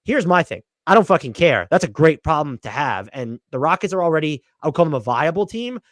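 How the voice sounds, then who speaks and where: A man's voice: fairly high pitch, expressive, fairly quick, dry recording, clean studio sound. A young man co-hosting a casual podcast, giving strong opinions and thinking aloud. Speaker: podcast co-host. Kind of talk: casual basketball podcast chat.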